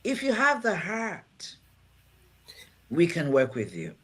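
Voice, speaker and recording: A woman's voice: lowish voice, huge pitch swings, slow pace, a bit bright, slightly rough. A woman who runs a home care agency and is also a pastor, talking on a livestream show in an earnest, heartfelt way and repeating her key phrases for emphasis. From from outside America. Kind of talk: livestream talk show chat.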